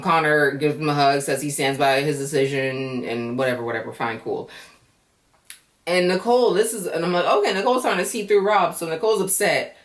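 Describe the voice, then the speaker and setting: A woman's voice: low voice, far from the mic. Sassy woman recapping reality TV. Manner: blunt, sassy, sarcastic. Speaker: reality show recap vlogger. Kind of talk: casual recap commentary. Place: home.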